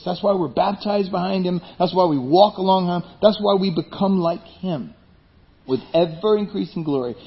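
Man preaching a sermon, slightly high voice. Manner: conversational preaching with rhetorical questions. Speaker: pastor. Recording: dull lo-fi sound.

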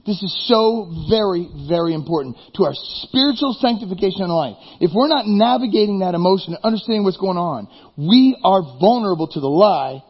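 A man preaching a sermon as pastor, animated, firing rhetorical questions and then dropping suddenly quiet. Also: high voice, breathy edge. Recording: dull reverberant hall recording.

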